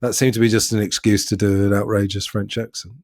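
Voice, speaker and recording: A man's voice: on the low side, flat delivery, fast, a little mellow, no echo. Podcast host man, dry close sound. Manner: leads the talk, musing and a bit hesitant. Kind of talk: casual film discussion.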